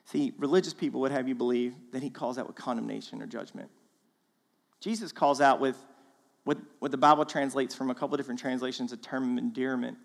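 Animated man preaching in a reverberant hall. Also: medium pitch, fairly quick, gravelly. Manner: animated, casual preaching with slang, acts out quoted voices. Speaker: guest speaker. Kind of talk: sermon. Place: church auditorium.

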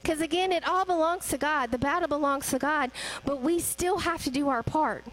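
A woman's voice: high-pitched, normal speed, a bit bright, poor audio. A young woman giving a conversational sermon, asking the congregation rhetorical questions. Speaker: church speaker.

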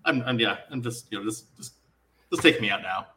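Male co-host, halting delivery, distant from the mic, light background hiss. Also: fairly low pitch, animated, bright, forceful tone. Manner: halting, repeats words, self-mocking. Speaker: podcast co-host. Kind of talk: casual chat.

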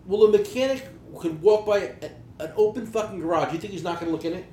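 A man hosting a podcast, swearing freely through lively, animated stories about his tool business. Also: high-pitched, fast. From New Jersey. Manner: profane, animated storytelling. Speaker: podcast host, tool dealer. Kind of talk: casual podcast chat. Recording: roomy echo, faint background hiss.

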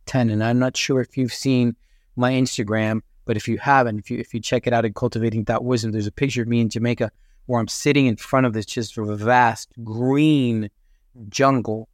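A man speaks as a podcast guest with a mid-range pitch. He tells his story earnestly and reflectively, often restarting phrases. The recording is dry and close, with no room echo. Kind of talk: conversational storytelling.

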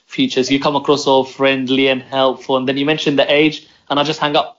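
A man's voice: medium pitch, little pitch movement, brisk, a bit bright. A man co-hosting a podcast who jokes in a wry way. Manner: joking, wry. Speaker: podcast co-host. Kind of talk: casual podcast chat. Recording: dull lo-fi call audio.

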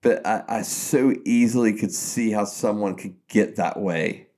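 A pastor with a fairly low, mellow voice talks on a casual podcast in an earnest, reflective way. Unhurried and fairly even in intonation, he often circles back and restarts sentences while working through his thoughts.

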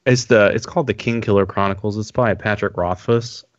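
A man with a fairly low voice hosts a podcast in an easygoing way. He asks questions and builds on them conversationally. The sound is dry and close. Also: steady tone, brisk, no echo, muffled recording. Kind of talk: casual conversation.

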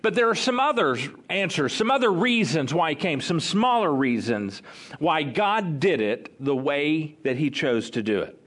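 A man preaching a sermon as pastor, talking conversationally and telling the story with lively acted-out quotes. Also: on the high side, normal speed.

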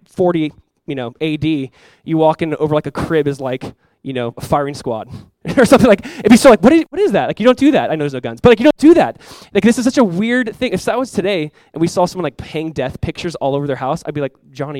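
A young adult man preaching a sermon as pastor, casual and animated, full of "like" asides. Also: fairly high pitch, dry recording. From South Florida.

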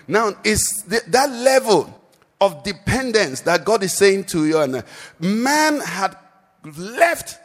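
A man's voice: high-pitched, very animated, takes it slowly. A man preaching a live church sermon, quizzing the congregation and lifting into sing-song phrases. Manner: call-and-response questions to the congregation, sing-song rises. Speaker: pastor. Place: church service. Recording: long church-hall reverb.

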